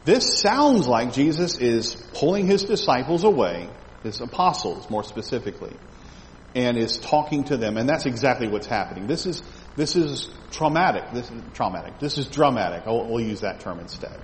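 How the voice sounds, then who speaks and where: A man leads a Bible study class in an echoey hall with faint background noise. His voice is medium-pitched and animated at normal speed; he reads scripture aloud, questions his listeners and often repeats words while thinking.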